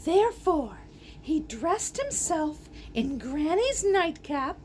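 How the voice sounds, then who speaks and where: A woman reads a fairy tale aloud in a very high, lively voice, taking her time over each line. She reads with animation, gasping and dropping in playful asides, and there is a faint hiss behind her. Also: slow. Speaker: storyteller.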